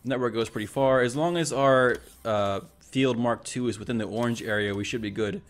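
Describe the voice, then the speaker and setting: At a normal speed and in a mid-range voice, a let's play host casually narrates what he's playing. He thinks out loud, keeps correcting himself, and chats to the robots on screen.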